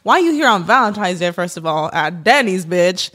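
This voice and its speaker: A woman in her late twenties, co-hosting a podcast, telling a story in animated, profanity-laden casual chat with the odd Spanish word. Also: on the low side, moderate pace. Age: late 20s. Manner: animated storytelling, heavy swearing, code-switches Spanish words. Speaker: podcast co-host.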